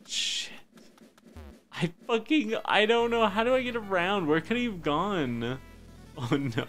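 A man streaming a game live, cursing and talking to himself, swinging between loud high yelps and low muttering. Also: expressive, a little slow, faint music behind. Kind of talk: live gameplay commentary.

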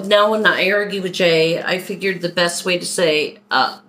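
A woman's voice: lowish voice, fairly bright tone, low-quality recording. A woman from Philadelphia chatting casually through a shopping haul, unpacking items as she goes. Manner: chatty, unhurried, talks while unpacking items. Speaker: vlogger doing a shopping haul. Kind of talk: casual haul video chat.

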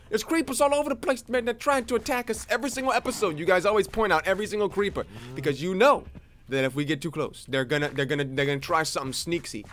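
A young man giving playful, excitable commentary while playing a survival game, chatting with his viewers. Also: high-pitched, fast. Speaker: Minecraft let's play host. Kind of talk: casual gameplay commentary.

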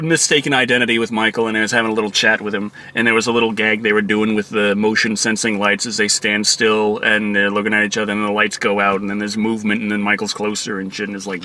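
A man's voice: on the low side, sharp tone. A man giving a casual, profane movie review, exasperated and acting out quotes from the film.

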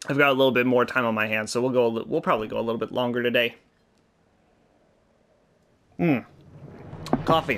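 A young man hosting a let's-play, talking casually while he plays, jokey and excitable, swearing freely. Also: medium pitch. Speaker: gaming channel host.

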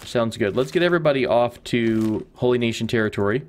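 A man's voice: medium pitch, a little fast, a little hiss or hum. A man hosting a let's play, giving casual gameplay commentary, chatty and rambling as he thinks aloud.

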